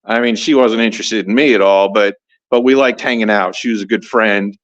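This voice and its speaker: A middle-aged man, a podcast guest, telling a story in a lively, animated way and acting out the voices of people he quotes. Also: fairly low pitch, a little fast, lo-fi sound. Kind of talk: casual storytelling.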